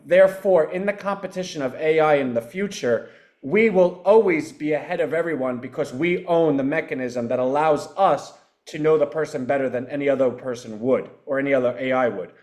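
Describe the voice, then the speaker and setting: A man with a slightly raised pitch talks in quick, rambling bursts, loose and self-deprecating. He is a founder pitching an AI product during a casual live stream. His phrasing is full of restarts and side comments. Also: darkish tone.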